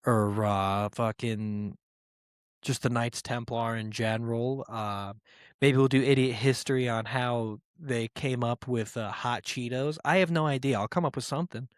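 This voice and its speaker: A man's voice: medium pitch, fairly even intonation, unhurried, smooth, no echo. Brief: male podcast host, irreverent and rambling, swears a lot, mid-range voice, dry close sound. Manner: rambling and profane, with filler words; irreverent and joking. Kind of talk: casual podcast monologue.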